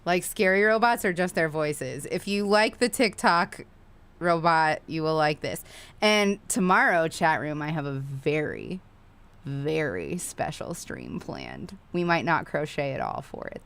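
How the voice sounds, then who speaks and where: A woman's voice: deep voice, unhurried, vocal fry. Chatty, swearing woman streamer. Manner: chatty, profane, excitable. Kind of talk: casual live-stream chat while crocheting.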